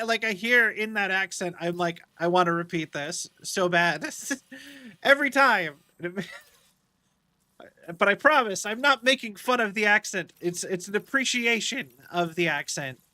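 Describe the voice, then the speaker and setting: A male streamer talks casually through a video game, rambling and joking at his own expense. His voice is high, very bright and clear. It is recorded dry on a close mic. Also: animated, measured pace, no echo. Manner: chatty, rambling, self-deprecating. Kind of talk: casual gameplay commentary.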